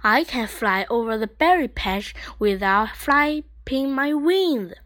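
A woman's voice: fairly high pitch, expressive, slow pace, fairly bright tone, dry recording, clean studio sound. A woman voicing a boastful male hawk in a storybook reading. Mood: bragging. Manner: bragging.

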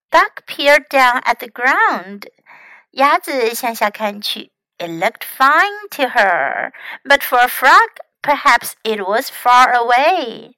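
A woman English teacher reading a children's story aloud in a slow, clear, gentle way. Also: fairly high pitch, big pitch swings, no echo, low-quality recording.

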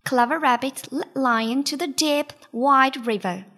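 A woman reading a children's storybook aloud in an expressive way. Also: high voice, faint music behind. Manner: slow, expressive read-aloud. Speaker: storybook reader.

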